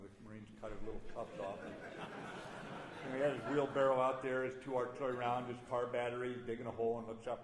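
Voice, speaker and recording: A man's voice: mid-range voice, a little hiss or hum. An older man giving a plainspoken after-dinner speech, telling a war story with dry humor. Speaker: guest speaker. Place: banquet hall. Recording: roomy hall sound.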